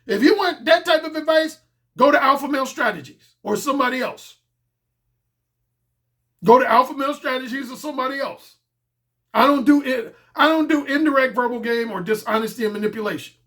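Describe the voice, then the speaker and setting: High, bright-voiced blunt dating coach. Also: male voice, a little fast. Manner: emphatic, repeats key points, profane. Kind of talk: blunt casual monologue.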